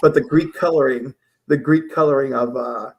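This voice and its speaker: A man's voice: medium pitch, normal speed, rough recording. A man telling crude rambling stories in a casual panel chat. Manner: crude, rambling storyteller, loud acted outbursts.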